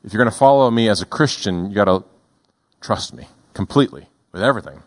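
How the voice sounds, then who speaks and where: A male pastor preaching a sermon in a deliberate, emphatic way, slowing down on key words. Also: lowish voice, expressive.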